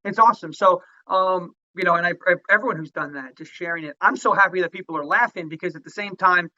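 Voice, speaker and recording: A man's voice: high voice, quick pace, sharp tone, lo-fi sound. A man guest in an interview, rambling with fillers and chuckling as he talks. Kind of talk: interview conversation.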